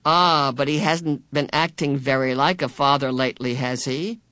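A narrator voicing a bland, sinister man on a chair who talks in a slow, smooth, patronizing way. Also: mid-range voice, sharp tone, dry recording, clean studio sound, natural voice. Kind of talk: audiobook character voice.

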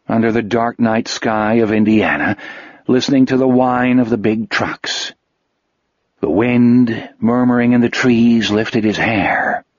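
A man reading a novel aloud as narrator, in a measured, steady storytelling manner. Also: mid-range voice, no echo. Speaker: audiobook narrator. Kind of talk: scripted narration. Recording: dull, dry lo-fi audio.

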